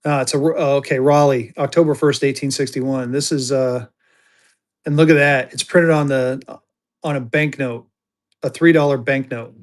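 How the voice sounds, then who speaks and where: A mid-range male voice with a steady tone and moderate pace belongs to a livestream seller hosting an online auction. He keeps things casual, chatty, and jokey, bantering with viewers while he shows items.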